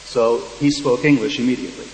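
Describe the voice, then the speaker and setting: A man's voice: medium pitch, fairly even intonation, fast talker, a little mellow. Man telling a story in an echoey hall. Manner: dry, wry storytelling with quoted dialogue. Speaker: panel speaker. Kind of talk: storytelling anecdote to an audience. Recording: echoey hall, faint hum.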